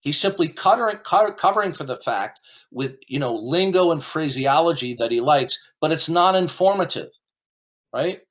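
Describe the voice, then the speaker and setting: A man's voice: on the high side, animated, moderate pace, a bit bright. A man hosting an online debate, talking in a combative, dismissive way and often repeating words as he argues. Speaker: debate host. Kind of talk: heated debate commentary.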